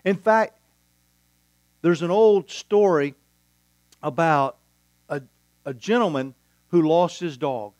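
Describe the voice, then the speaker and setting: A pastor delivers his sermon at an unhurried, measured pace, leaning into pauses and acting out quoted lines as he tells a story. His voice sits a little high for a man. The sound is dry and close, with no room echo. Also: darkish tone.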